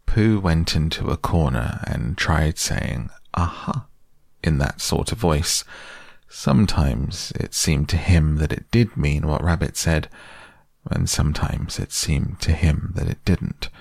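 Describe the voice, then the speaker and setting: A man narrating a children's storybook in a measured, gentle way. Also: rumbling low, creaky, dry recording, studio quality. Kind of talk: storybook reading aloud.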